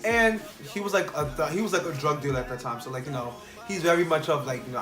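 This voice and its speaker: A young man telling a casual storytime vlog, animated and full of fillers, acting out the people in his story. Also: a little high, fast talker. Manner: animated, quotes people in changed voices, many fillers. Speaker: vlogger. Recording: echoey room with faint music.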